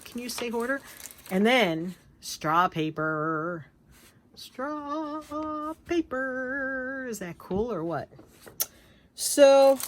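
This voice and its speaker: A woman vlogger showing off craft papers and fabrics in a gushing, excitable, casual chat, often trailing off and restarting. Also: medium pitch, a little hiss or hum. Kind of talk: casual show-and-tell chat.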